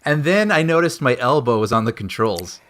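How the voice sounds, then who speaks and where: Male podcast co-host, lively pitch, animated anecdote teller, quick laughs. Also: slight background noise. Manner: animated storyteller, laughs often. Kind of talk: casual chat, anecdote telling.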